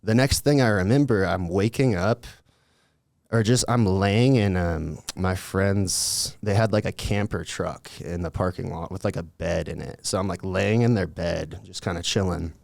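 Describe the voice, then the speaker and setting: A man's voice: sits low, moderate pace, creaky, darkish tone, dry recording, clean studio sound. A young man telling a story in a laid-back, rambling way, with lots of filler words and swearing. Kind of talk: casual storytelling.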